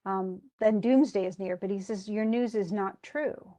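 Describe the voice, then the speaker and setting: A woman's voice: mid-range voice, unhurried, warm tone. A woman teaching a lesson, retelling a play scene by scene and paraphrasing its lines in everyday speech, with many fillers.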